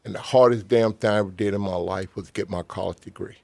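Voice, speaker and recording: A middle-aged man, a former football player, tells an earnest story in plain words as a guest on a talk show, pausing often with "um.". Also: fairly low pitch, steady tone, vocal fry, a little mellow, dry recording. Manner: earnest, plain-spoken, pauses with "um". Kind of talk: storytelling in a casual chat.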